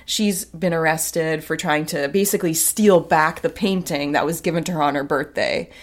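Woman podcast co-host, very low voice, loose rambling recap full of likes and ums. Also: steady tone, moderate pace. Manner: rambling, many fillers and restarts. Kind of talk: casual chat, recapping a film.

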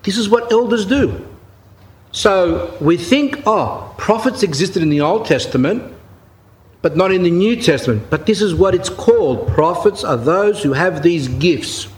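A man preaches in an unscripted, chatty way, mixing stories with emphatic points. His voice sits a little higher than most men's and climbs further when he stresses something. He reads from an account and then retells it in his own words. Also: lively intonation, measured pace. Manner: reads aloud from a written account then paraphrases it. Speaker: Orthodox Christian speaker giving a talk. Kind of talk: informal spoken sermon with anecdotes.

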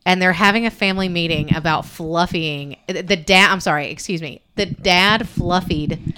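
A woman's voice: on the low side, moderate pace, noisy background. A woman co-hosting a podcast, chatting casually and rambling through stories with lots of "like". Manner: chatty, rambling storyteller full of "like". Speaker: podcast co-host. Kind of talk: casual chat.

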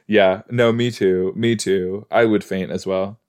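A man's voice: low voice, steady tone, unhurried, a little mellow, smooth. A man hosting a podcast, chatting playfully as he reacts to a show he is watching. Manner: chatty, playful, talks to the screen. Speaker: podcast host. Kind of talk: casual watch-along reaction.

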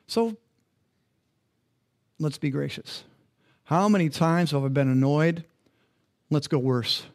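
A man's voice: on the high side, slow pace, pauses often. A male pastor preaching a sermon in a conversational, interactive way, often asking the congregation questions.

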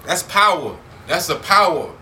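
A man in a heated, profane casual debate, mocking and loud. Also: high-pitched, big pitch swings, unhurried. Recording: distant mic with faint noise.

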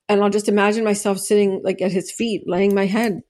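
Woman, middle-aged, podcast guest, earnest, rambling, many fillers and restarts, mid-pitched voice. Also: fairly even intonation, moderate pace, darkish tone. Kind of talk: conversational interview, personal testimony.

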